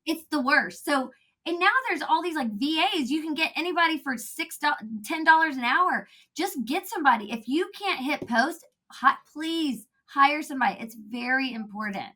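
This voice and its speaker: A woman talking as a podcast guest, animated and laughing often, acting out quotes in a casual chat. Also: sits high, normal speed.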